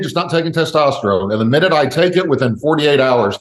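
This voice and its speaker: A man's voice: medium pitch, expressive, rapid-fire. A man co-hosting a podcast, telling stories in casual chat and acting out the people he quotes. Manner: storytelling, acts out quotes. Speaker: podcast co-host. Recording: roomy echo.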